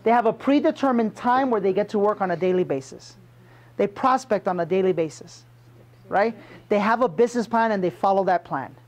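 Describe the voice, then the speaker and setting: In a high voice and at a fairly quick clip, a sales trainer gives his audience an emphatic, punchy pep talk, constantly quizzing the salespeople in front of him.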